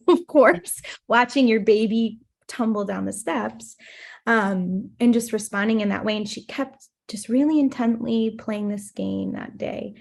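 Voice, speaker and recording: A woman's voice: a little high, unhurried, creaky. A woman in her thirties, a play therapist, telling a personal story in a podcast interview, acting out the voices she quotes. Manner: animated storytelling, acts out quotes.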